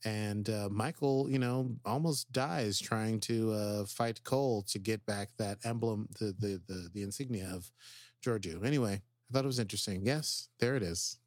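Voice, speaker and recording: A man co-hosting a casual podcast, playful and chatty, often reading quotes aloud with quick asides. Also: lowish voice, no echo, studio quality. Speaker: podcast co-host.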